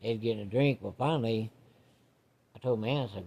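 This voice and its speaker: A man's voice: fairly low pitch, quick pace, darkish tone, slightly rough. A man telling a rambling personal story in a folksy, casual way.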